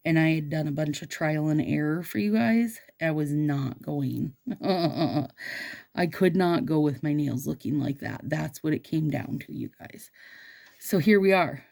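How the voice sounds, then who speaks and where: A woman's voice: low voice, measured pace, gravelly, darkish tone. A woman vlogging about her nails, chatting casually and bubbly, talking straight to her viewers. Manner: bubbly, chatty, addresses viewers as "you guys". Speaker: nail stylist vlogger.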